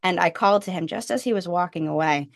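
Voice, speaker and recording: Woman, 30s, podcast guest, low with some fry, chatty storyteller, dry close mic. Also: fast talker, dry recording. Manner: animated, jumps up in pitch for quoted lines. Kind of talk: casual storytelling.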